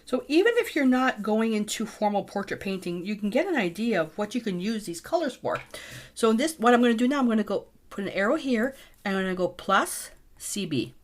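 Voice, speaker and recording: A middle-aged woman gives a casual painting tutorial, her voice at an ordinary middle pitch. She is chatty and talks her thoughts out loud as she mixes colours. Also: lively intonation, brisk. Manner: chatty, thinks aloud while mixing paint. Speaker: painting teacher.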